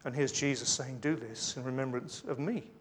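A man's voice: medium pitch, moderate pace, a little hiss or hum. A man preaching a sermon, reading scripture aloud with emphasis between conversational asides with light humour.

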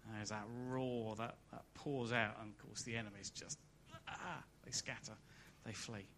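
Bright-voiced male preacher, rising and falling. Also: fairly even intonation, moderate pace, a little hiss or hum. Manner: swells to loud emphatic peaks, then drops soft and low. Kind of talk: sermon. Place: church service.

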